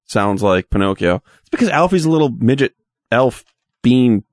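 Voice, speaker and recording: A man's voice: mid-range voice, very animated, normal speed, no room sound, clean studio sound. A man playing a tabletop game, chatting casually and explaining with a wry tone. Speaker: player.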